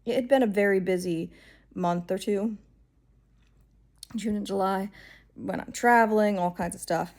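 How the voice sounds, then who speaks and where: A woman vloggers telling a personal story in a loose, rambling way. Her voice sits at an ordinary middle pitch, and she sounds exasperated and wry, full of ums and restarts. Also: measured pace, pauses often, darkish tone. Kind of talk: casual storytelling vlog.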